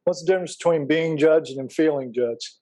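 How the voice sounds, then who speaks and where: A middle-aged man leads a Bible class, talking casually and drifting into personal stories while he tosses questions to the room. His voice sits a little high but has a dark, mellow tone. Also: fairly quick, rough recording. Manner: folksy, anecdotal, asks the class questions.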